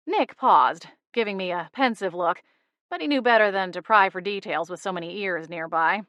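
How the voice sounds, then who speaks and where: A woman narrating a first-person cozy mystery audiobook in a wry, lively storytelling manner, on a close studio mic. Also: medium pitch, brisk, dry recording, highs cut off.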